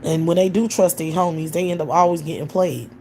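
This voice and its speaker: This livestream host is a woman whose fairly low, dark voice comes a little fast through a computer or phone microphone. She rants bluntly with plenty of profanity, and a faint hiss or hum sits underneath.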